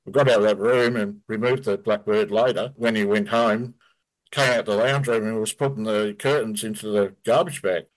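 A man's voice: fairly low pitch, steady tone, normal speed, rough recording. An Australian man, a guest, telling a story casually and vividly. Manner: vivid storyteller who acts out quotes.

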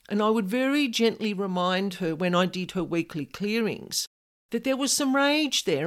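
A woman in her fifties talks through her advice in an earnest, chatty way. Her pitch swings widely as she goes, lifting and dropping through each point. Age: 50s. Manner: earnest, animated, conversational. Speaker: spiritual advisor. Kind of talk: direct-to-camera advice talk.

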